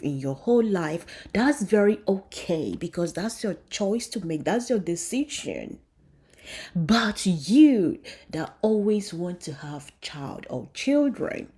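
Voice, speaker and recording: Lady vlogger, low mellow voice, slow and emphatic, preachy and prayerful, talks right at the viewers. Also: slightly rough. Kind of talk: emotional commentary with prayer.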